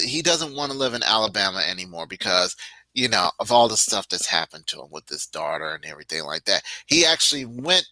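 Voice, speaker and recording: A man with a medium-pitched voice co-hosts a combat sports podcast, sharing casual, emphatic opinions and animated stories. The recording is rough, with no room sound.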